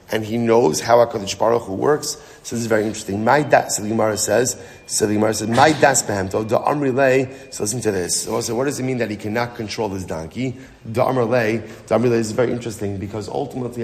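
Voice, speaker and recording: A man teaching a daily Talmud lesson as a rabbi, telling the story with lively, casual asides. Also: fairly low pitch. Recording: long hall reverb.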